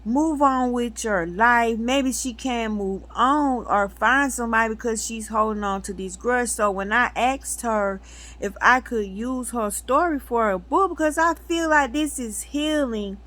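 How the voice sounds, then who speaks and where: A woman's voice: on the high side, measured pace, fairly bright tone. A middle-aged woman hosting her own channel, telling a personal story to her viewers with emphatic, direct address. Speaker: metaphysics channel host.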